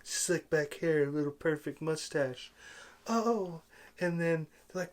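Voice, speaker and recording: A man with a fairly high voice, ranting about a film he hated. He sounds exasperated and sarcastic, bursting out loudly at one moment and muttering to himself the next. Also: normal speed. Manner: exasperated, sarcastic, swings between loud outbursts and muttering. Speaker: movie reviewer.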